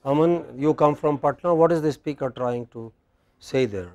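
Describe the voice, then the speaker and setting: A man's voice: on the high side, moderate pace, a little mellow. A man with an Indian English accent giving a classroom lecture on pronunciation, patiently asking his students questions and modelling words for them. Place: university classroom.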